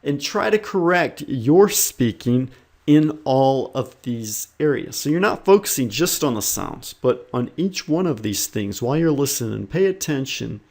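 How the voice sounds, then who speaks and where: A male English teacher talks straight to his students in a patient, encouraging tone. He lays out each step of pronunciation practice one at a time. His voice sits at an everyday middle pitch. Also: a little mellow. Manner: earnest and encouraging, explains step by step. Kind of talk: instructional talk to learners.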